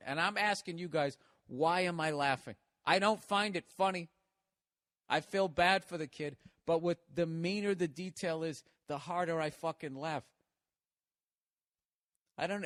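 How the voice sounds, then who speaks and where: A man's voice: on the high side, a bit bright, no echo. Profane ranting man, dry sound. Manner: profane, ranting, laughs mid-sentence. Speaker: podcast host. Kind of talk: casual monologue.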